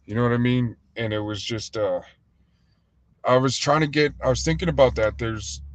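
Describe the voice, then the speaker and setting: A man's voice: mid-range voice, steady tone, moderate pace, dry recording. A man hosting a casual livestream, talking in a loose, rambling and heated way, full of fillers. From United States. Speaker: livestream host and restaurant owner.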